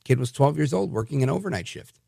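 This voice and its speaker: A male radio host delivers heated, opinionated commentary in a gravelly voice. He stumbles and restarts as he pushes his points. The studio sound is close and dry. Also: mid-range voice, fast talker, no echo. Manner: animated and combative, many restarts. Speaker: radio talk show host.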